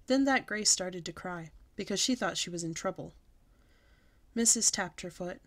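A woman's voice: lowish voice, normal speed. Woman reading a children's book aloud. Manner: lively, expressive storybook reading. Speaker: storyteller.

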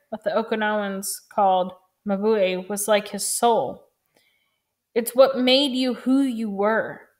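A woman reading a novel aloud in a calm, even, measured way. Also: a little high. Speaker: reader.

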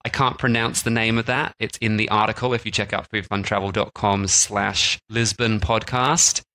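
A man co-hosting a travel and food podcast in a relaxed, conversational way. His voice sits a little low but has a bright, forward edge. He talks loosely, with frequent fillers and restarts. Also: moderate pace, low-quality recording. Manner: chatty, lots of "like" and restarts. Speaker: podcast co-host. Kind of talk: casual chat.

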